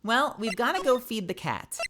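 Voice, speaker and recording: A woman's voice: a little high, sing-song, normal speed. A woman streaming a game playthrough, playful and joking, swearing casually as she plays. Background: game music.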